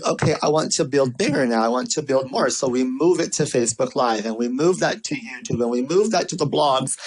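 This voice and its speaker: A man with a fairly high voice delivers a motivational marketing talk. He tells stories, repeats his points for emphasis and throws in playful asides. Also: slightly rough, poor audio. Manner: lively, repetitive, storytelling delivery with playful asides. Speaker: marketing speaker.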